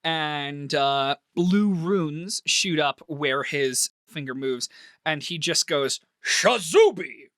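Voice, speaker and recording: A man narrating a tabletop role-play game as game master, animated and laughing often. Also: fairly high pitch, takes it slowly, clear, resonant tone, dry recording, clean studio sound.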